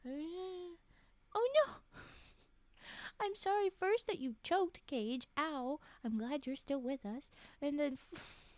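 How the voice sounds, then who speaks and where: A woman with a high, slightly mellow voice reads spooky stories aloud on a live stream, recorded with no room sound. She's chatty, often stopping to react, laugh, whisper asides and answer chat.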